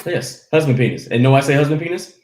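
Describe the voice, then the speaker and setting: A man, a comedian, telling stories in a lively casual chat and acting out quotes as he goes. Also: on the high side, fast talker, roomy sound. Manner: animated storytelling with acted quotes. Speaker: guest comedian.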